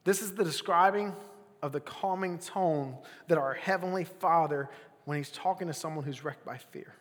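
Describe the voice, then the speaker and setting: A young adult man preaching a casual sermon as pastor, swinging between loud bursts and near-whispers. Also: on the high side, moderate pace, big-room sound.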